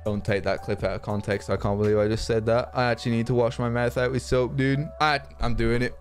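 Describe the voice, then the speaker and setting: A young man from England, a gaming YouTuber giving excitable, joking commentary to his chat. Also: mid-range voice, quick pace, soft background music. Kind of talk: casual gameplay commentary.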